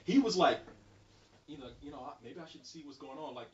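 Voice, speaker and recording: Fast-talking man telling a wild story. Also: fairly high pitch. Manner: animated, laughs through stories, swears. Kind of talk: casual storytelling chat. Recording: roomy, distant, muffled.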